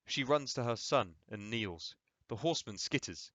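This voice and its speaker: A man's voice: mid-range voice, expressive, normal speed, a bit bright, no echo. A man reading a play aloud, delivering the stage directions plainly and steadily. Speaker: reader.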